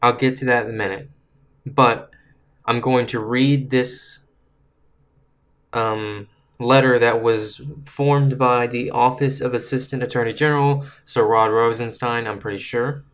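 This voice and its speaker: A man talks straight to his viewers in a casual vlog about politics. His tone is frustrated and earnest, and he trips over words and restarts while reading. His pitch sits in the middle range for a man. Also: steady tone, a little slow, a bit bright. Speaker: political commentary vlogger. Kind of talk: casual vlog commentary reading a letter aloud.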